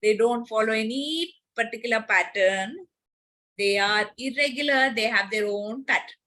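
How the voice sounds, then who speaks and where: A woman teacher explains grammar to a class of children. Her voice is bright and a little high. She repeats key words and slows down to drive each example home. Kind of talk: online class lesson.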